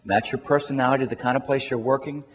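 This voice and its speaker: A man's voice: medium pitch, fast talker. Male career coach, motivational storyteller, chuckles often, long hall reverb. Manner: lively storyteller, chuckles through his own anecdote.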